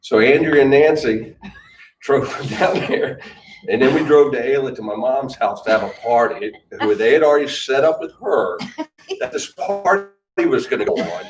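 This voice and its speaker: A man's voice: medium pitch, animated, moderate pace. A middle-aged man telling a rambling, self-correcting story about his aunt at a memorial in a club hall. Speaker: relative giving a memorial tribute. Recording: distant, echoey hall with faint noise.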